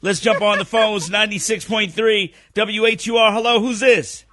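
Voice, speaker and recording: High, bright-voiced male radio host. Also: normal speed, no room sound. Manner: animated, jokey, acts out quoted voices. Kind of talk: comedic storytelling on morning radio. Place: radio studio. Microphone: studio microphone.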